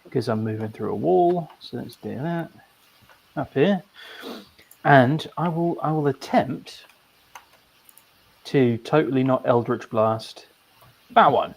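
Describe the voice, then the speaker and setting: A man's voice: medium pitch, expressive, takes it slowly, creaky, long pauses. A man playing a tabletop game, talking hesitantly as he thinks aloud. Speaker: player.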